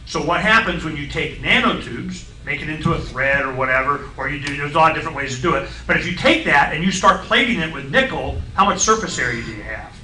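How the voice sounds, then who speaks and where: A middle-aged man on a radio talk show, explaining science in a blunt, folksy, excitable way and acting out voices in his stories. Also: a little high, fast talker, hardly any pauses, reverberant, distant mic, low-quality recording.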